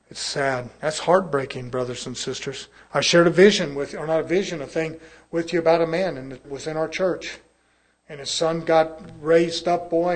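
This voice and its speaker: A man preaching a sermon to his congregation, repeating phrases and swinging between soft asides and loud, pleading peaks. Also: on the high side. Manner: rhythmic, call-and-response pleading.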